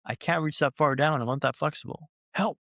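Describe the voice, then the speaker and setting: A man's voice: fairly high pitch, fairly even intonation, fast talker, gravelly, a bit bright, dry recording, clean studio sound. A man telling his recovery story as a podcast guest, like a practiced speaker, with repeated phrases for rhythm and speaking straight to the host. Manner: addresses the host directly.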